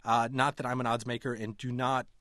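A man's voice: mid-range voice, level tone, brisk, fairly bright tone, no room sound, clean studio sound. Analytical male guest in a radio interview. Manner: analytical, with frequent restarts. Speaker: magazine editor and writer, guest.

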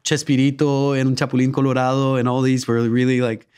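Playful Guatemalan-born actor chatting. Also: male voice, medium pitch, flat delivery, fairly quick, a little mellow, clear, resonant tone. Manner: playful, laughing, filler-heavy, acts out voices. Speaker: actor and comedian, guest. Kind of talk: casual interview.

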